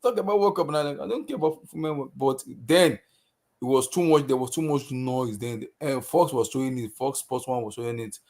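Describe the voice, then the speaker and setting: A man's voice: mid-range voice, fairly even intonation, moderate pace, darkish tone. A man with a Nigerian accent hosting a casual football chat, easygoing and mixing in pidgin asides. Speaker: podcast host.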